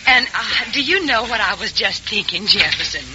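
An actress playing a gentle older mother in a 1940s radio play. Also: medium pitch, lively intonation, moderate pace, noisy background, lightly acted. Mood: gracious. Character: gracious older Southern mother, sweet-natured. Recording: dull old radio broadcast.

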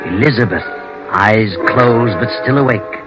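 A man narrating an old radio drama in a measured, ominous manner. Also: fairly low pitch. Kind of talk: scripted narration. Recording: dull lo-fi old radio recording. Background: music.

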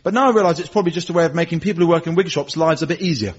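Quick, lively English comedian, lo-fi. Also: male voice, on the high side, husky. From England. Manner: dry, deadpan storytelling. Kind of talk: scripted stand-up monologue. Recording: dull lo-fi radio recording.

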